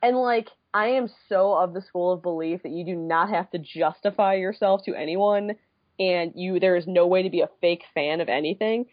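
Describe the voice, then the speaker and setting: A woman in her twenties from the Midwest, co-hosting a podcast and telling a story in a casual, animated way with frequent swearing. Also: on the low side, moderate pace, dry recording, muffled recording. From American Midwest. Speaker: podcast co-host.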